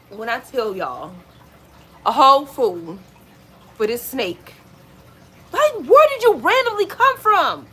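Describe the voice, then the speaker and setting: A woman vlogger chatting casually at home, retelling stories in an animated, exclaiming way. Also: medium pitch, slight background noise. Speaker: lifestyle vlogger. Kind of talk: casual storytelling chat.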